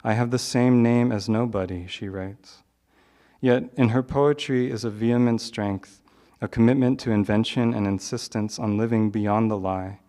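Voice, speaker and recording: A man hosting a poetry reading, introducing the featured poet in a measured, literary delivery. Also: on the low side, fairly even intonation, warm tone. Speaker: event host introducing a poet. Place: live reading venue.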